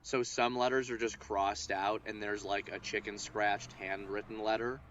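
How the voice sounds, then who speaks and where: A low-pitched man rambles through a casual podcast chat, restarting his sentences and cracking jokes. The audio is dull and lo-fi, like a cheap mic. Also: little pitch movement, normal speed, fairly bright tone, slight background noise. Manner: rambling, restarts often, jokey. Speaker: podcast co-host.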